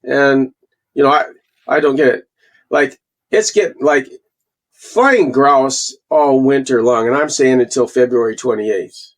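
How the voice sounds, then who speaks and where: A man in his sixties from Canada, a guest falconer telling animated stories in a casual interview and acting out the quotes. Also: mid-range voice, a little slow. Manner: animated storyteller, acts out quotes.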